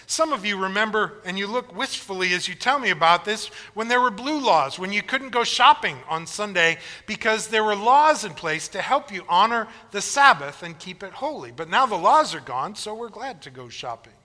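A man delivers a sermon from the pulpit in a conversational, wry manner. His voice sits high and rings very bright. The church sanctuary adds a long, trailing reverb. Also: expressive, moderate pace, few pauses. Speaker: pastor.

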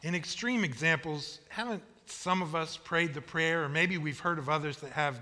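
Male pastor, folksy sermon, high bright voice, long church reverb. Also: normal speed, few pauses. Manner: folksy storytelling with repeated emphasis.

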